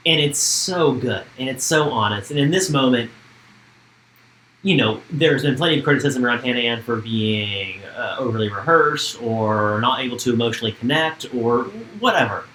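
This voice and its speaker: A man's voice: medium pitch, normal speed, bright, forceful tone, reverberant, a little hiss or hum, rough recording. A man co-hosting a podcast, narrating TV scenes step by step in a casual recap chat. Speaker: podcast co-host.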